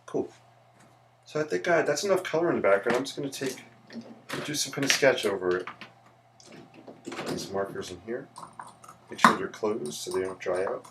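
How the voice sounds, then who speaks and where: A man's voice: medium pitch, expressive, normal speed, pauses often, noisy background. A man, an architect who teaches, chatting casually with viewers on a livestream while he sketches. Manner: chatty, greets viewers, rambling asides.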